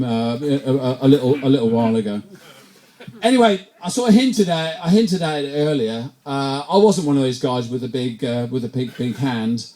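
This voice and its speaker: English bloke doing stand-up at a pub comedy night, rambly, keeps tripping over his words, mellow tone. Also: mid-range voice, moderate pace. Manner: rambling, self-deprecating, stumbles and repeats words often.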